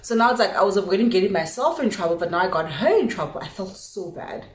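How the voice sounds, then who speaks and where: A young South African woman telling a story to her vlog audience in a lively way, acting out what each person said. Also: medium pitch, quick pace, a little hiss or hum. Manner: animated storytelling, switching languages, acts out dialogue. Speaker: vlogger. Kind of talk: casual storytime chat. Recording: echoey room.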